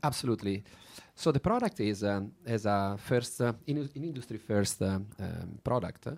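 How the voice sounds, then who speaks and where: Gravelly Italian man, hesitant. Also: on the low side, expressive, normal speed, darkish tone. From Italy. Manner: hesitant, many fillers and restarts. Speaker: drinks company guest. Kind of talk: interview answers.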